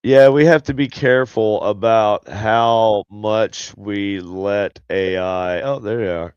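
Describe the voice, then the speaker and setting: This is a man hosting a casual stream, and his voice is low and smooth but nasal from blocked sinuses. He rambles easily and reads comments out as he goes. The recording is dry and slightly muffled, with a dull, narrow sound. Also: fairly even intonation, slow, a little mellow, no room sound. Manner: rambling, chatty, reads viewer comments aloud. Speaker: show host. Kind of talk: casual live-stream chat.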